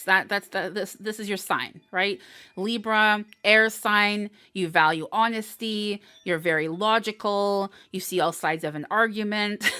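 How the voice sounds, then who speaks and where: A woman's voice: medium pitch, pushed and bright, no room sound, studio quality. A young adult woman giving a live-streamed tarot horoscope reading, bubbly and encouraging, with frequent laughs, fillers and restarts. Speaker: tarot reader.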